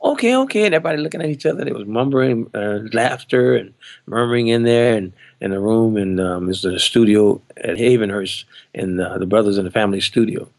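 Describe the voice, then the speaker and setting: Man in his 60s, a drummer, animated storyteller; gravelly voice, dry close recording. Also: lowish voice, fairly quick, dry recording. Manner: animated, acts out quoted voices. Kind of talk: anecdotal storytelling.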